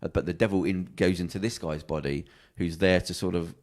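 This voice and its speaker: Brief: man, podcast co-host, rambling retelling of a TV plot with acted-out quotes; low voice, rapid delivery. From England. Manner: rambling, animated storytelling with acted quotes and restarts. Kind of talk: casual chat, retelling a TV plot.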